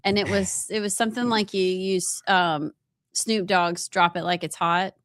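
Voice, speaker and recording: A woman's voice: fairly low pitch, fairly even intonation, a little slow, fairly bright tone, no echo, clean studio sound. A woman co-hosting a talk show, giggly and rambling as she chats. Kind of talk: casual chat.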